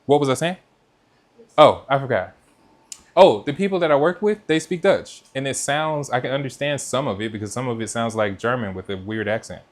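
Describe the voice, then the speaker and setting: A man's voice: mid-range voice, animated, a little fast. A man hosting a live cooking stream from his kitchen, chatting casually and talking straight to his viewers. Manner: chatty, talks straight to viewers and reads out their comments. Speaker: cooking livestream host. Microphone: mic with noise cancellation.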